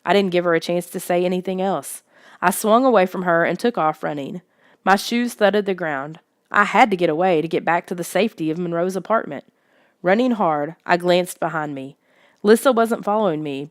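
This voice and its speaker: A woman reading a first-person story aloud in steady, even narration. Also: fairly low pitch, normal speed, no room sound, clean studio sound. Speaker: audiobook reader.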